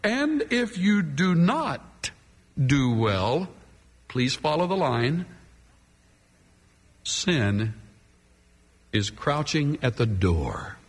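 Man, pastor, sermon, sweeping animated pitch, unhurried delivery. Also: slightly rough. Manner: emphatic, dramatic preaching with sweeping pitch. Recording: long hall reverb.

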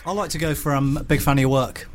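A man's voice: on the high side, fairly even intonation, fast, noisy background. A man co-hosting a radio show, joking in a dry way. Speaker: radio co-host. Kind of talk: casual radio chat.

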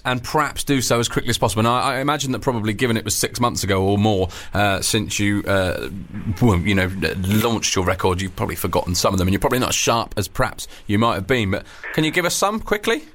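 A man's voice: on the low side, animated, fast, few pauses, fairly bright tone. A man hosting a casual radio interview, chatty and jokey with his guest. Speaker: radio host.

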